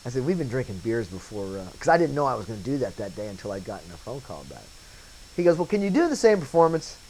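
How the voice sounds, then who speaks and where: A man's voice: on the low side, fast, slight background noise, poor audio. Storytelling man acting out quoted voices. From Wilmington, North Carolina area. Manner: lively anecdote-telling, acting out quoted voices. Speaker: interviewee, former set painter turned bit actor. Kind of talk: casual storytelling interview.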